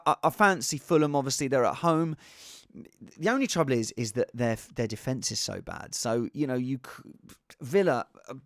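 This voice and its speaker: A man's voice: medium pitch, gravelly, dry recording, studio quality. A man chatting casually on his own as a fantasy football vlogger, rambling with restarts and asides. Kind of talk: casual solo chat.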